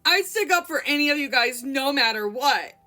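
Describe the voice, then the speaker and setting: A woman voicing a brash young drunk party girl who shrieks and wails in a high voice. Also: sing-song, slow pace, pushed and bright, full character voice. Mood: wailing.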